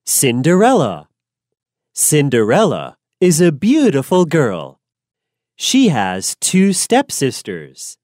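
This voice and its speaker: A woman narrating a simple storybook slowly and clearly for learners, deliberate and expressive. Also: low-pitched, no echo, studio quality.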